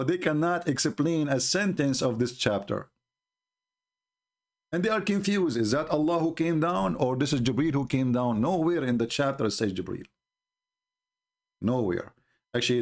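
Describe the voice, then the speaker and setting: A man giving live-streamed commentary in an emphatic, scornful, mocking manner, often halting with fillers and restarts. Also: medium pitch.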